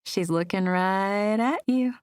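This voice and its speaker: A woman's voice: mid-range voice, slow pace, clean tone, no room sound, clean studio sound, natural voice. A woman voicing a playful young woman working behind a bar, teasing a customer.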